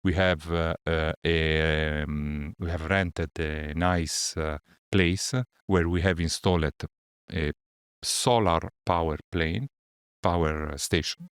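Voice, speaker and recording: Hesitant low-voiced man, dry sound. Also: fairly even intonation, slow, clear, resonant tone, no room sound. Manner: hesitant, many fillers and restarts. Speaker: researcher. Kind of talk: halting conversational explanation.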